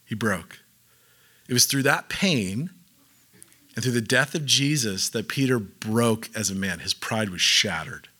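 Bright-voiced casual preacher man. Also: on the low side, measured pace. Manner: conversational, filler-heavy, acts out quotes. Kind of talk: casual sermon.

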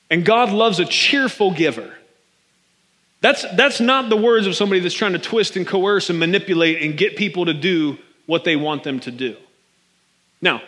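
A man preaching a sermon as pastor, conversational and animated, often calling his listeners "man". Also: high voice, long reverb tail.

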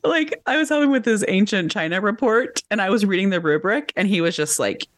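A woman co-hosting a book club podcast, chatty and animated, laughing often. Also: medium pitch, brisk, no echo. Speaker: podcast co-host. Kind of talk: casual book club chat.

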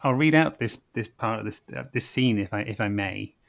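A man co-hosting a podcast in casual chat, halting and full of fillers. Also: on the low side, vocal fry. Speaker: podcast co-host.

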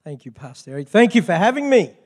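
A man's voice: sits high, big pitch swings, fast. A man with an Australian accent, preaching as a guest pastor and joking with the congregation. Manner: jovial, banters with the congregation. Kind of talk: sermon. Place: church hall with long reverb. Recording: echoey church hall.

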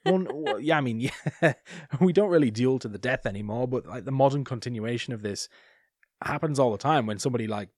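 A man's voice: medium pitch, a little fast, darkish tone, no room sound. A man chatting casually on a podcast, easygoing and full of little fillers, with a mid-range voice. The sound is dry and close to the mic. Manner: easygoing and conversational, with fillers and laughs. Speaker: podcast co-host. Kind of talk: casual chat.

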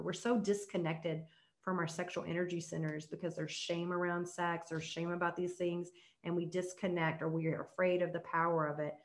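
A young woman, a tantra coach, talking on a podcast and leading a soft, slow guided meditation. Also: on the low side.

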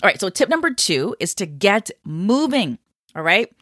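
A woman's voice: mid-range voice, big pitch swings, moderate pace, a bit bright, dry recording. Upbeat woman podcast host giving health tips, chatty coachy vibe, dry close mic. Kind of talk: casual health podcast talk.

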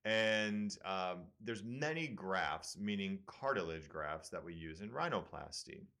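A man's voice: sits low, expressive, measured pace, sharp tone. A man with a Midwestern American accent, a surgeon hosting a casual medical talk show and explaining studies with fillers. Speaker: surgeon and podcast host.

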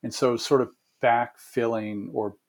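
A man giving long, measured answers as a guest consultant in an interview, with frequent fillers and restarts. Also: medium pitch, fairly even intonation.

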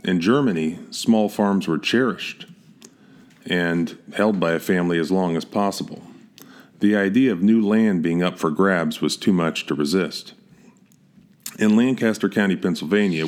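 A man reading a scripted historical narrative in a steady, measured way, with the odd slip and restart. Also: low voice.

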